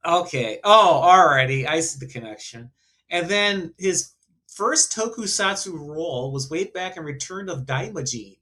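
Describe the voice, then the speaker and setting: Halting man with a bright, sharp voice. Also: on the high side, expressive. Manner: halting, many fillers and restarts while recalling facts. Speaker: podcast co-host. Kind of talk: casual podcast chat about films.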